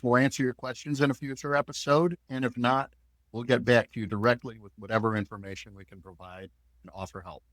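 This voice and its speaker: A man's voice: mid-range voice, a bit bright, no room sound. A man co-hosting a parenting podcast, setting up segments and reading the outro in a friendly, conversational way. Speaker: podcast co-host and producer.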